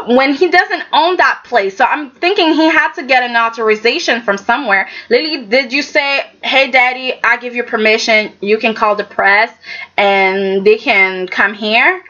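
A woman's voice: sits high, highs cut off. Sassy woman recapping with acted-out quotes. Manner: animated, sassy, acts out characters' lines. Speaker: soap opera recap vlogger. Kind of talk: casual recap chat.

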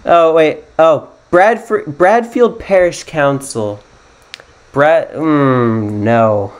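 A young American gaming YouTuber plays a geography guessing game, rambling and thinking aloud with casual, self-mocking commentary. His voice sits a little high, and he talks very slowly.

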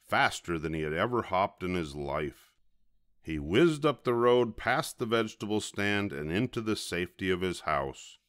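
An older man reading a children's storybook aloud in a gentle, expressive storytelling manner. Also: low voice, moderate pace, no room sound, clean studio sound.

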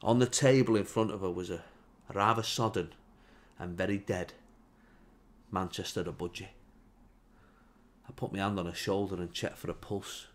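A man's voice: low voice, fairly even intonation, normal speed, long pauses. A man telling a comic story in a dry, mock-solemn way. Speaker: comedian. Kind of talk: deadpan comic monologue.

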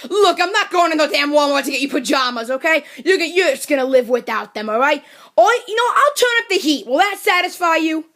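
For a comedy puppet skit, a woman voices a cranky, overworked mushroom servant who rants sarcastically and sounds exasperated. Her voice is high, expressive, brisk, and a bit bright.

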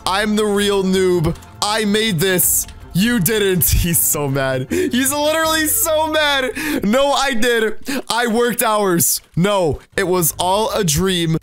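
High-voiced giggly young man gaming. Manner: giggly, keeps laughing, animated and teasing. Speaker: Minecraft YouTuber. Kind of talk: excited gameplay commentary. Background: faint background music.

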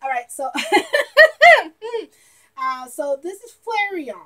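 Young woman gushing over a trailer, really high squeaky voice, drawn-out slow talk, giggly and loud. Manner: giggly and excitable, bursts into shouts. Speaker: vlogger reacting to a trailer. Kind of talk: excited reaction commentary.

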